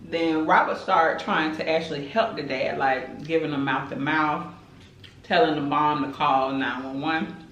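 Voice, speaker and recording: A woman's voice: deep voice, measured pace, reverberant, dull audio, slight background noise. A woman tells a dramatic story in casual chat while eating on camera. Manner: animated, chatty, dramatic retelling. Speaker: mukbang host.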